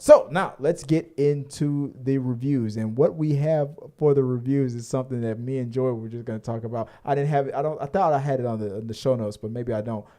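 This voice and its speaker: Man, podcast co-host, mellow voice, casual rambling chat, jokey, profane. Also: mid-range voice. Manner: loose, rambling and profane, joking.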